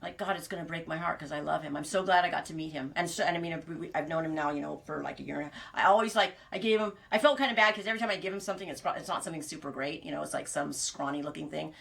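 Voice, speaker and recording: Bright, chatty woman podcast host. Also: sits low, racing, creaky, few pauses. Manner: rambling and animated, laughs at her own jokes. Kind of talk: casual chat.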